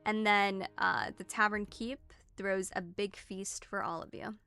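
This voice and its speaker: A woman runs a tabletop game as dungeon master and narrates in a loose, chatty way. Her voice is bright with a gravelly fry, and soft music plays faintly underneath. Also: mid-range voice, unhurried, no room sound. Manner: casual, lively narration with many fillers.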